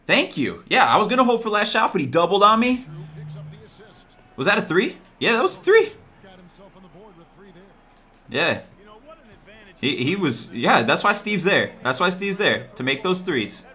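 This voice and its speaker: Excitable young man narrating his basketball game. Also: high voice, measured pace, long pauses. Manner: excitable, talks to the players on screen, swings from mutters to yells. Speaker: gaming YouTuber. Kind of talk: live gameplay commentary.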